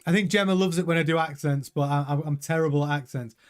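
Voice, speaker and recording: Guy doing live race commentary, kinda high voice, excitable, chatting back to viewers. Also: fast talker, clear, resonant tone. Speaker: host of a live watch-along stream.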